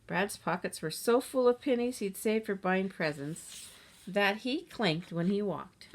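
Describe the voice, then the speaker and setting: A woman narrating a children's chapter book aloud in a steady, gentle reading manner. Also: mid-range voice, measured pace. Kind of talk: storybook read-aloud.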